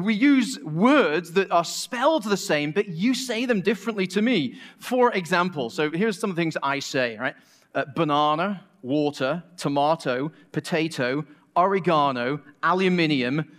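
This middle-aged preacher from Manchester, England, sits high in pitch and sounds animated and fairly bright. He talks at normal speed with few pauses, joking conversationally through his sermon and restarting now and then.

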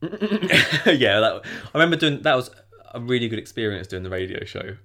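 A man's voice: mid-range voice, big pitch swings, moderate pace, pushed and bright. A man, a podcast guest, reminiscing in hesitant casual chat. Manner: hesitant, reminiscing, laughs easily.

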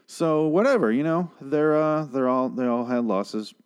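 A man's voice: mid-range voice, animated, unhurried, darkish tone, clean tone. A man giving a rambling, casual recap of a TV episode, swearing often and adding sarcastic asides. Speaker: show recapper.

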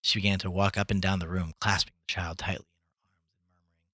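A man reads a short story aloud for a podcast, lifting his voice into the characters' lines. His voice is a bit low, bright and husky. The recording is dry and close. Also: fast, pauses often, no echo. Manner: expressive, voices the dialogue dramatically. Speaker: podcast reader.

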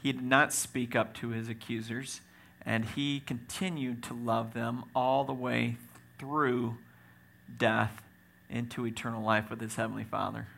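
A man preaching a sermon as pastor, swinging from loud exclaims to quiet asides, with joking moments. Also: mid-range voice, flat delivery, a little slow, gravelly.

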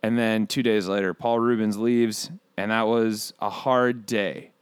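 A man playing a brash, excitable bird who hosts a comedy podcast, rambling through profane, pun-filled stories. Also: on the low side, measured pace, clear, resonant tone, dry recording, natural voice. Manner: rambling, profane, punning, riffs on asides. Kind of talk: comedic character monologue.

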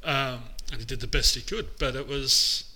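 Male podcast co-host, very bright tone, candid and self-reflective. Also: medium pitch, steady tone, normal speed, husky, low-quality recording. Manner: reflective, open, self-searching. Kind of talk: casual chat.

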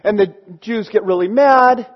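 A man preaching, retelling a story in a casual, animated way and acting out the characters' voices. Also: sits high, normal speed, lo-fi sound. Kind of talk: storytelling sermon.

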